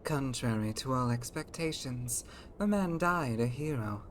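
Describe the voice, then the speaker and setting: Brief: a woman reading a breathy, self-doubting RPG companion, low-pitched and archaic. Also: expressive, measured pace, a little hiss or hum. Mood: solemn. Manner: formal, archaic phrasing. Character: earnest, self-doubting fantasy companion reciting lore. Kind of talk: voicing game dialogue aloud.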